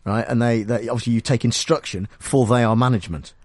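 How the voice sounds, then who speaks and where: A man's voice: mid-range voice, fairly even intonation, fast talker, dry recording. A man hosting a radio show, rambling and teasing his co-hosts in casual studio banter. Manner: rambling, teasing, lots of restarts.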